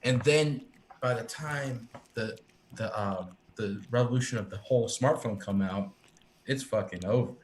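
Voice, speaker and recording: On a live stream, a man chats casually in a mid-range, slightly slow voice, rambling, swearing, and restarting often. The room is echoey, with faint ambient noise in the background.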